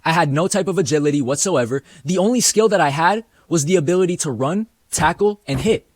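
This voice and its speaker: A young man tells a story in a relaxed, self-mocking way and swears freely. His voice sits a little high for a man and bounces around a lot as he talks. The sound is dry and close. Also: a little fast, dry recording. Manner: laid-back, self-mocking, profane. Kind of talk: casual storytime narration.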